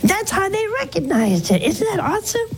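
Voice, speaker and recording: An older woman hosting a religious call-in show, counseling a caller in a gentle, pleading, preacherly way. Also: very high-pitched, sing-song, fairly quick. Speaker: religious TV host taking calls.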